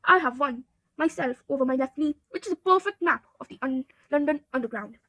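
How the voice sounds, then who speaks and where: A woman reading the lines of a wise, calm old male wizard, measured and steady, in a storybook reading. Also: high-pitched, no room sound, exaggerated voice.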